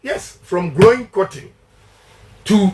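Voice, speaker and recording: A man's voice: high voice, animated, takes it slowly, crowd noise. A middle-aged man with a Ghanaian English accent, giving a campaign interview in an emphatic, preacher-like cadence with repeated slogans. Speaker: politician giving a radio interview.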